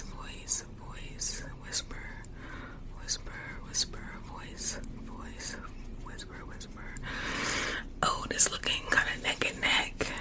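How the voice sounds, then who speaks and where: A woman whispering softly and chatting with viewers during an ASMR live stream, close to a sensitive condenser microphone. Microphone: USB condenser mic up close.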